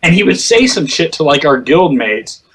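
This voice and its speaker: A man's voice: on the high side, very animated, normal speed, over a noisy crowd. A man chatting casually about online gaming, telling stories with lots of swearing and laughter, acting out quotes. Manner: profane, laughing storyteller who acts out quotes.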